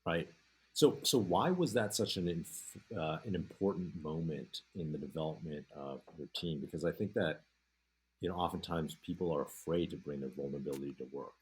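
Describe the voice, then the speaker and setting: A man hosting a podcast, asking calm and reflective interview questions. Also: very deep voice, moderate pace, husky, rough recording. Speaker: podcast host.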